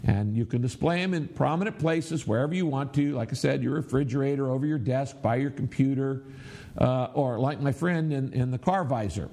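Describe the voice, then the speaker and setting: A man's voice: mid-range voice, fairly quick, dark tone. A middle-aged man preaching a sermon, teaching his congregation and leading them in reciting aloud, with emphatic repetition. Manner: instructive, leads the audience in reciting aloud; emphatic, repeats phrases for emphasis. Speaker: pastor.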